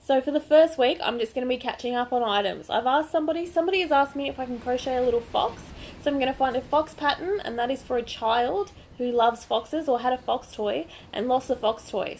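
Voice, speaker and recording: Fairly high-pitched and slightly mellow, this Australian woman sounds a bit sick, her voice not projecting. She chats casually and gushes in her crochet vlog.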